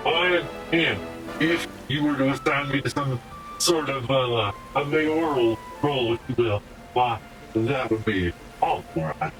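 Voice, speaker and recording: A man voicing a flattering, scheming villager who wants to be made mayor, with a wheedling, theatrical delivery. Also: mid-range voice, takes it slowly, recorded from a distance, over music.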